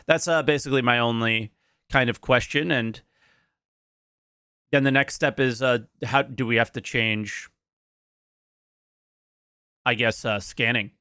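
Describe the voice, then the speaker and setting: A man reacts to a video on his stream in easy, casual talk, thinking out loud and circling back on his words. His voice sits at an ordinary middle pitch. It comes through a close microphone with a dry, dead sound and no room around it. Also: steady tone, unhurried, pauses often, smooth, no room sound. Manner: thinking aloud, with many restarts and hedges. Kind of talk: casual live-stream commentary.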